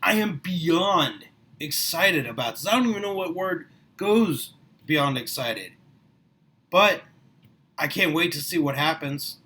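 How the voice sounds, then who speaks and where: A middle-aged man giving a passionate motivational talk to the camera, his voice rising and getting louder as he gets worked up. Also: fairly high pitch, animated, a little slow, rough recording. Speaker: small business owner recruiting for network marketing. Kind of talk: motivational vlog monologue.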